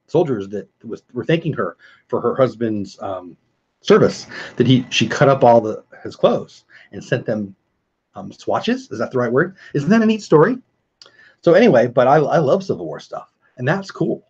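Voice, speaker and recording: A middle-aged man with a husky, slightly breathy voice hosts a relaxed late-night livestream from home. He rambles from one story to the next and greets viewers in chat by name. The audio is a bit dull and lo-fi. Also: medium pitch. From California. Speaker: livestream host. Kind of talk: casual livestream chat reading viewer comments.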